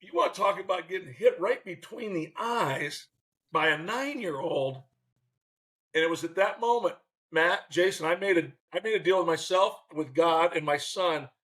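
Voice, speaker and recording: An older man in his sixties telling stories in an interview, his voice somewhat higher than most men's. He is animated and lively and slips into other people's voices as he goes. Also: moderate pace, poor audio. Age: 60s. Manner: animated, acts out quotes. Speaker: guest, former baseball manager. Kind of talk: interview storytelling.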